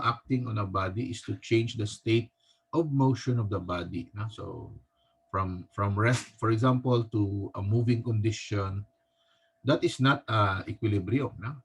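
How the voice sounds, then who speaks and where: A male teacher with a Filipino accent giving a recorded physics lecture, halting often and tagging his sentences with a questioning "no?". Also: fairly low pitch, breathy edge. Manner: halting, with frequent restarts.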